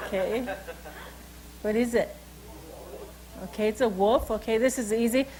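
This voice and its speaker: A woman who is a tribal cultural educator, telling a traditional story and teaching words and signs in an unhurried, conversational way with frequent asides. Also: fairly high pitch, warm tone, rough recording. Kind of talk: oral storytelling and language lesson.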